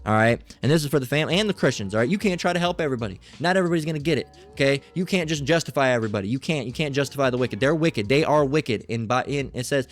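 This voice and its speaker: A man's voice: on the high side, fast talker, few pauses. A man preaching in a loose, informal sermon, blunt and profane, often repeating "all right" as he talks.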